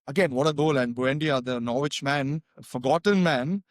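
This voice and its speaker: A man co-hosting a casual football podcast, talking in an excitable, chatty way with lots of fillers. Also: medium pitch, moderate pace, no echo. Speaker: podcast co-host.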